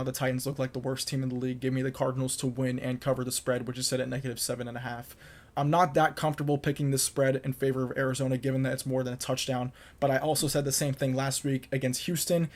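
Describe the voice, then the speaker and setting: A man's voice: mid-range voice, darkish tone. A young man hosting his own podcast, delivering confident football predictions in a solo monologue and repeating points for emphasis. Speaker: podcast host. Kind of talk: solo sports picks monologue.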